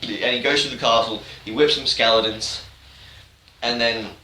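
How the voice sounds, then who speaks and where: A man's voice: medium pitch, fairly even intonation, normal speed, sharp tone, distant mic. A man retelling a video game story as a joke, talking in a rambling, irreverent, offhand way. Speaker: YouTuber. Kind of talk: comedic game-story recap. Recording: roomy, off-mic, faint hiss.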